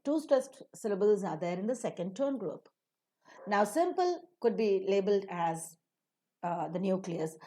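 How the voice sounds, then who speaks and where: A woman teaching English phonetics in a recorded lecture, talking slowly and deliberately and acting out example sentences with exaggerated rises and falls. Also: mid-range voice, warm tone. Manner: slow, deliberate, spells out each example.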